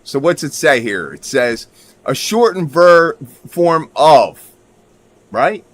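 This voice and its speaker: A man's voice: on the high side, very animated, slow pace, a bit bright, no room sound. A man giving casual commentary while showing his screen; he talks emphatically, swears now and then, and keeps checking in with his viewers. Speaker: video creator.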